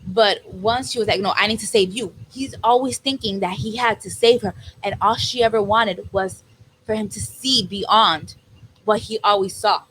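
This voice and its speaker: Fields: Sex: woman. Role: podcast co-host. Style: emotional casual chat. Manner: animated, acts out quoted dialogue. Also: medium pitch, normal speed, a little hiss or hum, low-quality recording.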